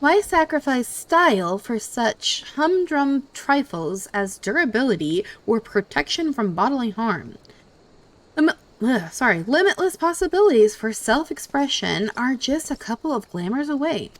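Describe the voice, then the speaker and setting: A woman doing a haughty game character who is obsessed with fashion and sniffs at dull outfits. Her reading is prim and scolding, with a lively, swooping pitch and an unhurried pace. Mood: sniffy.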